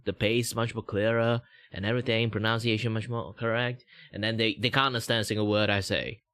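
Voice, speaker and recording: A man's voice: fairly low pitch, level tone, brisk, few pauses, a bit bright, clean tone, dry recording, studio quality. A young man from Malaysia streaming as a VTuber, chatting casually at a desk mic in a rambling, self-mocking way and chuckling often. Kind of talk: casual livestream chat.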